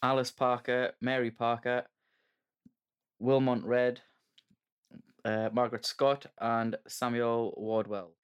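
Smooth-voiced man reading steadily. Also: mid-range voice, little pitch movement, takes it slowly, pauses often. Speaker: podcast co-host. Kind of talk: casual chat and reading out history.

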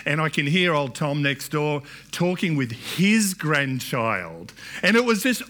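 A man's voice: medium pitch, lively intonation, measured pace, pushed and bright. A middle-aged man preaching a sermon in a church, talking in a conversational way with many restarts and asides. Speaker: pastor.

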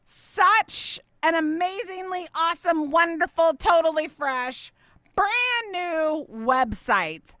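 A woman's voice: high-pitched, pushed and bright, no echo, clean studio sound. A middle-aged woman hosting a faith podcast, talking in an emotional, effusive way with many restarts. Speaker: podcast host and ministry leader.

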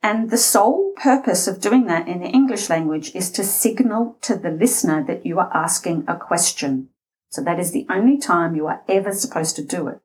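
Scratchy-voiced Australian woman coach. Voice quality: slightly scratchy low voice. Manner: deliberate, varies pace and loudness for emphasis. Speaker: voice and interview coach. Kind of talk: instructional talk.

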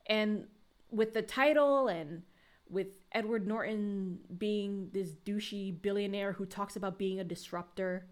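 A woman with a mid-range voice talking casually about films. She explains her reasoning steadily and at an even pace. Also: mid-range voice, a little slow. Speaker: podcast co-host. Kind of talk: casual film discussion.

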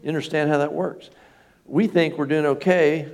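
Middle-aged male pastor, gravelly voice, casual conversational preaching that checks in with the room. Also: a little high, moderate pace, long pauses, a little mellow. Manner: conversational, asks the congregation questions. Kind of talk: sermon.

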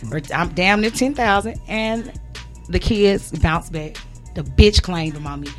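A woman's voice: on the low side, a little slow, soft background music. Blunt, profane woman podcast host. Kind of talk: casual podcast chat.

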